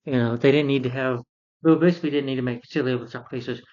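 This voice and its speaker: A man's voice: mid-range voice, fairly even intonation, quick pace, darkish tone, muffled recording. A man rambling through an exasperated movie review rant, full of fillers and restarts.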